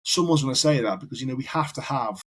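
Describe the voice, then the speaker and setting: Man, husky voice, podcast guest, rambling storyteller, casual. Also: medium pitch, expressive, fast, a bit bright, rough recording. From United Kingdom. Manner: rambling anecdotal storyteller, repeats words. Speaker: firefighter guest.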